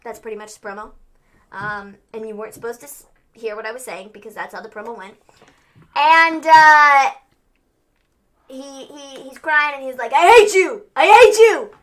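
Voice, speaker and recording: A young woman co-hosting a casual wrestling review stream, animated and acting out quotes. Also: a little high. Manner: animated, acts out quotes in exaggerated voices. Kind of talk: casual recap chat.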